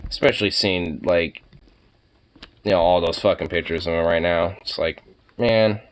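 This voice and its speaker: A man's voice: deep voice, steady tone, normal speed, a little hiss or hum. A young man chatting casually as he reacts to pet pictures, swearing, exclaiming and laughing often.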